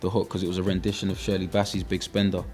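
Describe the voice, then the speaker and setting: A young man with a South London accent, a rapper being interviewed in relaxed casual chat, filling pauses with "you know". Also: sits low. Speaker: rapper guest.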